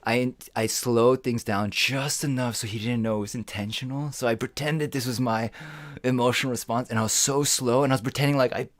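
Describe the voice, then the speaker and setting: Animated man telling a story. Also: mid-range voice, brisk, dry recording. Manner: animated, acts out quoted voices, swears. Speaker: podcast co-host. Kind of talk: casual storytelling chat.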